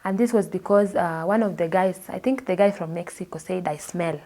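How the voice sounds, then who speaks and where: A woman's voice: fairly low pitch, normal speed. Kenyan woman telling her story. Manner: expressive, acts out the people she quotes. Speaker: interview guest. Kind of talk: personal storytelling.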